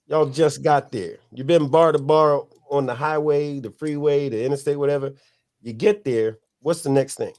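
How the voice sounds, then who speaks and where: A man's voice: on the high side, moderate pace, darkish tone. Biker guy on a podcast, loose and profane, just telling stories. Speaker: podcast host, motorcycle club member. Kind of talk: casual podcast chat.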